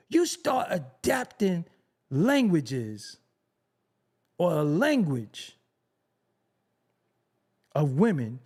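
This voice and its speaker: Animated, profane Brooklyn man ranting. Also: sits high, slightly rough. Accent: New York. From Brooklyn, New York City. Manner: profane, animated, mocking, rhetorical questions. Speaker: show host. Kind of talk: unscripted rant to a live stream audience.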